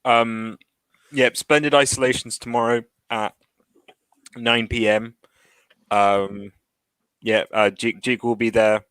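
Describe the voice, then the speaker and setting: A man's voice: mid-range voice, little pitch movement, takes it slowly, long pauses, fairly bright tone, clean tone, no echo, rough recording. A young man on a casual live stream, teasing the others with many hesitations. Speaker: stream guest.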